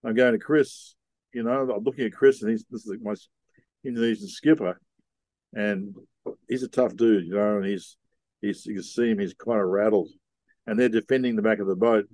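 A middle-aged man, telling a story in a relaxed, rambling way with slang, as a podcast guest. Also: on the low side, moderate pace, no echo. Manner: laid-back, rambling, with Aussie slang. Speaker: podcast guest, sea captain. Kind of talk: casual storytelling.

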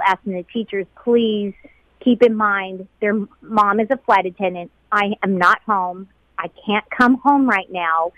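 In a heartfelt, emotional interview, a middle-aged woman who works as a flight attendant looks back on what happened, bringing other people's words to life with animated voices. She speaks at a medium pitch, and the dull-sounding recording has no echo.

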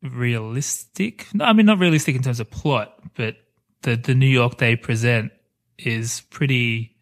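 A man co-hosts a casual podcast. He rambles enthusiastically and breaks into laughter often. His voice sits at an ordinary middle pitch. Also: a little slow. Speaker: podcast co-host. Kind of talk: casual chat about a film.

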